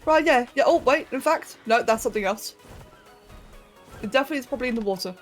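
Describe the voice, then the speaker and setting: Young British woman, game streamer, casual and giggly, slightly high voice, faint music underneath. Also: animated, quick pace. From Britain. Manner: chatty, giggly, talks to chat. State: sore throat. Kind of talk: casual live-stream chat while gaming.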